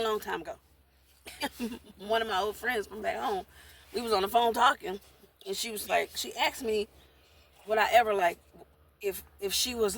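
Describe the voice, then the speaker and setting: A woman's voice: medium pitch, gravelly, slight background noise. A woman vlogging in a casual monologue, talking bluntly and rambling, repeating herself while she eats. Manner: talks while eating.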